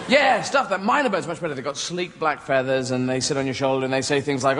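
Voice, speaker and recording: A man performs stand-up comedy in a mid-range voice, talking fast with few pauses. He wanders off on surreal tangents, keeps losing his thread, and laughs at his own jokes. The live recording carries loud background noise.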